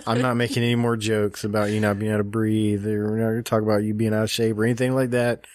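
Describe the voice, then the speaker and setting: A man's voice: lowish voice, flat delivery, fast talker, a little mellow, dry recording. A man co-hosting a casual podcast chat late at night, teasing and joking with his co-host.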